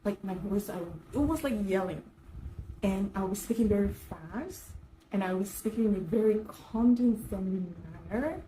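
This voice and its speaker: Mellow-voiced woman giving casual career advice. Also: medium pitch, expressive, moderate pace, roomy sound, a little hiss or hum, low-quality recording. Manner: conversational, many fillers and restarts. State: slightly dry throat. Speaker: self-help vlogger. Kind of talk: casual advice talk to camera.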